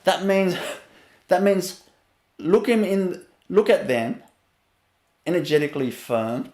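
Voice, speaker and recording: A man teaching in a spiritual webinar talk, his fairly high voice broken by frequent little laughs. He drops into a soft, hushed register when he shows what calm sounds like. The sound carries a noticeable room echo. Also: takes it slowly. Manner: laughs often between phrases, drops to a soft low voice to show calm.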